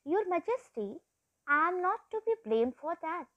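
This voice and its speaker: A woman's voice: extremely high pitch, very animated, moderate pace, phone-quality sound, voice pushed up. A woman doing a clever, polite old rabbit. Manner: polite and pleading.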